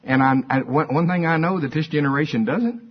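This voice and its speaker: A man's voice: a little high, brisk, husky. An older man preaching a sermon in a folksy, conversational way. He repeats his points and draws call-and-response from the congregation. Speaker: pastor. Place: church. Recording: dull lo-fi sermon recording.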